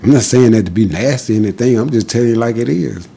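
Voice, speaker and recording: Male podcast guest, husky mellow tone, defiant preaching delivery in short punchy lines. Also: medium pitch, fast. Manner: defiant, preachy, repetitive declarations. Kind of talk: impassioned spoken monologue.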